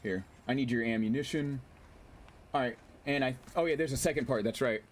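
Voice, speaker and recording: A man casually commentating his gameplay on a stream, excitable, swearing, laughing and reading chat aloud. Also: medium pitch, brisk, a little hiss or hum.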